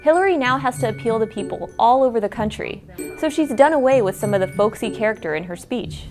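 A woman journalist narrating a scripted explainer and interviewing an expert, in a clear, even and conversational way. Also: on the high side, fast talker, music in the background.

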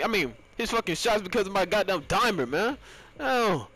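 A young man giving raging, profane gameplay commentary, yelling in frustration and then dropping to low muttering. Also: very animated, moderate pace, soft background music. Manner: swings between loud outbursts and low muttering. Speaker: gamer.

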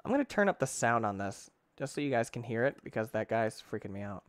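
Male gaming host, let's-play commentary, excitable and rambling, very animated pitch. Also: quick pace, smooth. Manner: excitable, with sudden shouts and big pitch jumps; rambling, talks to himself.

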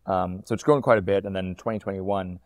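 Deep, flat-voiced man, a quick-talking guest. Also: no room sound. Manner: quick and fluent, with frequent ums and uhs. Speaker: startup founder and CEO, guest. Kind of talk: casual interview talk.

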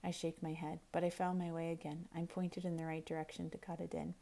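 A woman teacher reading a novel aloud, expressive, quiet and intense. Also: on the low side, brisk, gravelly.

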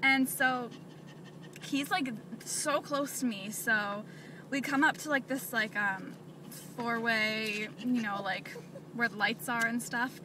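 A woman's voice: a little high, steady tone, slow. A young woman vlogging as she drives, chatting and venting with lots of filler words. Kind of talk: casual vlog while driving. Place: inside a car. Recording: distant mic with road noise.

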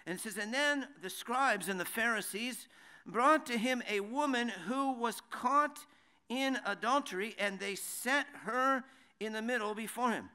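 A man's voice: very high-pitched, measured pace, sharp tone, clean tone. A man teaching a sermon, conversational, with many rhetorical questions and restarts, reading verses in Hebrew and translating them. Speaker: Bible teacher.

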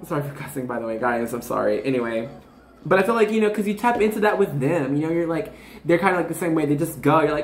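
A woman's voice: low-pitched, quick pace, echoey room. A woman in her twenties giving a casual, rambling tarot reading to her viewers, full of fillers and bubbly asides. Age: 20s. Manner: rambling, filler-heavy, bubbly and self-interrupting. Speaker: tarot reader.

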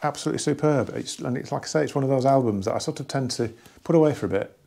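A man casually talking through an album from his record collection, rambling and enthusiastic with many pauses and restarts. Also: medium pitch, gravelly, mellow. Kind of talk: casual hobby vlog.

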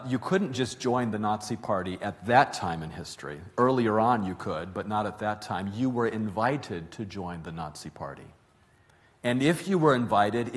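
Man, middle-aged, sermon, low voice, earnest storytelling, emphatic. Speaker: preacher.

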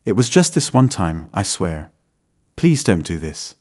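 Guy reading as a crying young wife begging, soft and low. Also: sing-song, a little slow, heavily acted. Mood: pleading. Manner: pleading, choked delivery. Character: sobbing young wife, pleading and desperate.

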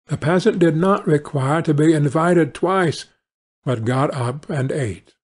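A male narrator reading a fairy-tale audiobook for learners of English. His pace is very slow and deliberate, his voice husky and a little high. The telling stays even and careful.

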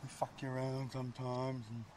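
An actor playing a gentle, excitable trailer park man who pleads earnestly. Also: medium pitch, a little fast, natural voice, poor audio. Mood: pleading.

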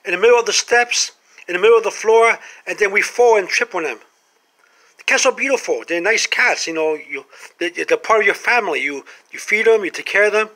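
High, bright-voiced man ranting. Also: fairly quick. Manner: animated, full of rhetorical questions. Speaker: vlogger. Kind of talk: comic monologue to camera.

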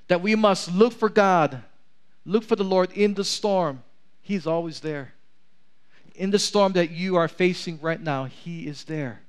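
A man preaching a sermon in a large church, calling for amens from the congregation and reading scripture aloud. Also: high-pitched. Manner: preaching with rising intensity, asks for amens. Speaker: pastor.

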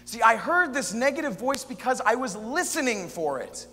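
An expressive man delivers a dramatic spoken-word monologue, dropping to near-whispers and rising to loud lines. His voice sits high for a man, and long hall reverb with a faint hum surrounds it. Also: normal speed. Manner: expressive, shifts between soft and loud. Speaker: performer in a youth event drama sketch.

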